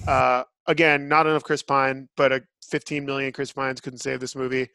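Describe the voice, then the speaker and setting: A man's voice: medium pitch, flat delivery, normal speed, bright, forceful tone, no echo, clean studio sound. A man hosting a podcast, giving blunt, opinionated reviews in casual chat. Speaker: podcast host.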